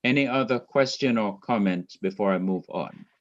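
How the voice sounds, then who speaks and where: Teacher, male, low-pitched, very slow and methodical, dull lo-fi audio. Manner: slow, methodical, enumerating rules. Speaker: Hebrew teacher. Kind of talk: online class lecture.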